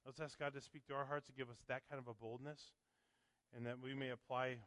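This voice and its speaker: A male pastor preaching a sermon with fervent, rising emphasis, then slipping into a quiet prayer. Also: medium pitch, flat delivery, brisk, dry recording, rough recording.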